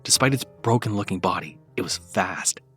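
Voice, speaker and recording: A man reading a first-person horror story aloud in a dramatic scripted narration, dropping to soft low murmurs and lifting louder at tense moments. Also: animated, normal speed, slightly rough, faint music behind.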